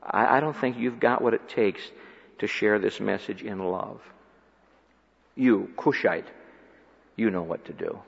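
A man voicing a stern old male army commander in a quiet, firm, low voice. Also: a little slow, gravelly, pauses often, slightly rough, exaggerated voice. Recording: dull recording with long hall reverb.

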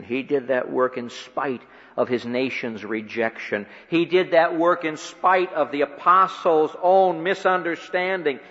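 A man preaching a sermon, rising to loud emphatic peaks and dropping to quiet, low phrases. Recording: dull lo-fi sound with long hall reverb.

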